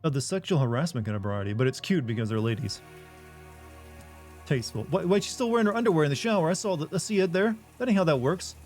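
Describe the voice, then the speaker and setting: A man's voice: a little high, lively intonation, fast talker, a little mellow, soft background music. A man streaming a video game live, joking wryly and reading the game's text aloud.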